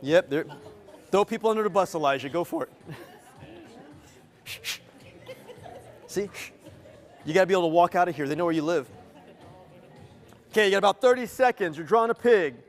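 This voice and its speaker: Male motivational speaker with a high voice, working a live crowd playfully. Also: normal speed, pauses often. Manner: energetic, playful, teasing the audience. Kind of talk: interactive live keynote. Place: event venue with a live audience.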